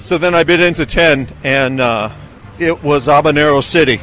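A man's voice: on the high side, normal speed, fairly bright tone, soft background music. A man hosting a food show, telling stories in an enthusiastic, chatty way. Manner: enthusiastic storytelling. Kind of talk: casual chat. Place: in a vehicle.

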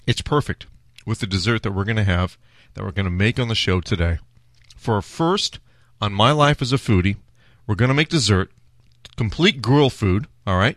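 A man's voice: on the low side, no room sound, studio quality. A man hosting a food and beer show, chatting casually through a beer tasting with many filler words. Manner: chatty, relaxed, with frequent "uh" fillers.

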